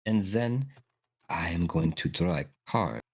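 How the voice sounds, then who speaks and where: A man voicing an older female fortune teller, mysterious and ominous, with a slow, theatrical put-on accent. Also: low voice, lively intonation, gravelly, slightly rough, heavily acted. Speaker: game master.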